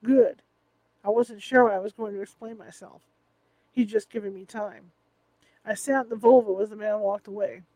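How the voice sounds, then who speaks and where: A man with a fairly high voice narrates a first-person audiobook, adding wry, self-deprecating asides. He reads close to the mic in a dry, dead room. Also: fairly even intonation, moderate pace, a little mellow, no room sound, poor audio.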